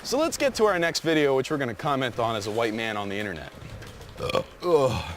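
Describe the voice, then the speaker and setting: A man delivering mock-serious comedic commentary over clips, dry and deadpan. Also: medium pitch, quick pace, slight background noise. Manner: mock-serious, switches into a dumb bro voice for fake comments.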